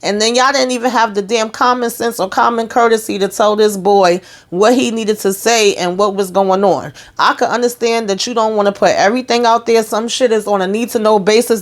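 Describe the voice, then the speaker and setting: A woman giving a casual TV episode recap in an animated, blunt and slangy way, swearing freely. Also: medium pitch, normal speed, few pauses. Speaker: TV show recap reviewer.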